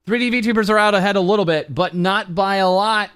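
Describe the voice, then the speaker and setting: A man's voice: high-pitched, brisk, fairly bright tone, clear, resonant tone, dry recording, clean studio sound. A young man streaming as a VTuber, chatting casually and rambling with a self-mocking, filler-heavy way of talking. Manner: rambling, self-mocking, with lots of ums and uhs. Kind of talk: casual charity livestream chat.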